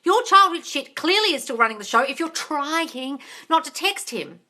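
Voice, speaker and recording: A woman's voice: sits high, lively intonation, moderate pace, pushed and bright. An Australian woman hosting a live Q&A, reading out viewer comments and answering them bluntly, with plenty of swearing and calling people darling. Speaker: live-stream host answering viewer questions.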